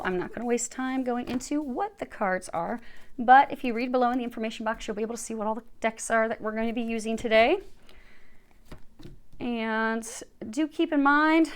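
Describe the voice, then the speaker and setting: A woman giving a chatty tarot reading, sounding congested from a cold and talking to viewers as she lays out cards. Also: fairly high pitch. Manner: chatty, reassuring, talks while laying out cards. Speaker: tarot card reader. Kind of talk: casual spoken tarot reading.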